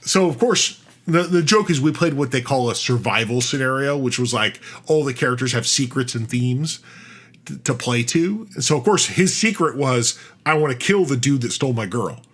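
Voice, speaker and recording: Rambling, animated male podcast host. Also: medium pitch, normal speed. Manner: rambling, animated, many restarts and fillers. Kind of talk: casual storytelling chat.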